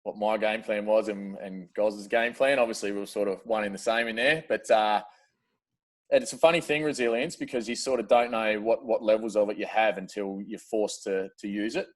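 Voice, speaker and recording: A man's voice: lowish voice, fairly even intonation, fairly quick. An Australian man chatting casually as a podcast guest, laid-back and slangy, laughing often. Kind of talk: casual chat.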